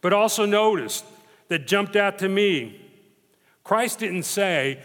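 A man preaching a sermon as pastor, emphatic and dramatic, slowing down to stress repeated phrases. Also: high-pitched, big pitch swings, pushed and bright. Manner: emphatic, dramatic retelling with slow stressed repetitions. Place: church sanctuary. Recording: long reverb of a church hall.

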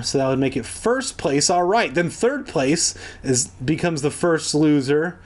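Husky man reading aloud with jokes. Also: fairly high pitch, expressive, measured pace, few pauses. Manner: rambling jokey asides. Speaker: reader. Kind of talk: comedic read-aloud of a children's book.

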